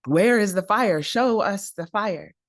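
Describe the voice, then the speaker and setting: A storyteller voicing a group of forest animals crying out questions in high, astonished voices. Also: male voice, lively intonation, slow, fairly bright tone, no room sound, studio quality, full character voice. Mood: demanding. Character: crowd of forest animals, curious and demanding.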